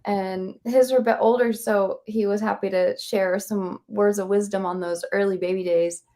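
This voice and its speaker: A woman's voice: mid-range voice, normal speed. A woman in her thirties, a songwriter guest in a casual chat, telling stories about her small child and laughing often. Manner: chatty, laughs often, animated storytelling.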